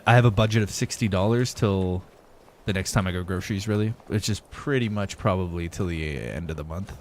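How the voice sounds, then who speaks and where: In a live-stream clip with slight background noise, a young man with a deep voice plays a game and talks freely with his audience. He reads out viewer messages, laughs often and swears without much thought.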